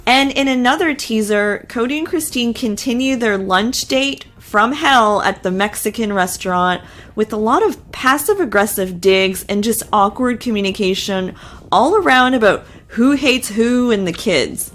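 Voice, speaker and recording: A woman's voice: fairly high pitch, animated, a little slow, fairly bright tone. A woman hosting a reality TV recap, talking casually and giving her opinions with lots of filler words.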